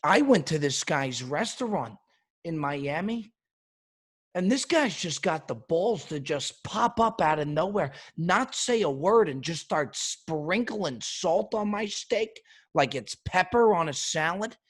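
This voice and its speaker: A man's voice: on the high side, lively intonation, measured pace, husky. A man hosting a comedy podcast, delivering an exasperated, indignant rant.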